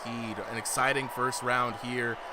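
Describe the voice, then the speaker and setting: A man's voice: medium pitch, flat delivery, moderate pace. A man calling a boxing exhibition live as a commentator, full of slang and hype, often asking "you know what I'm saying". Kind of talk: live esports-style fight commentary. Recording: noisy livestream audio.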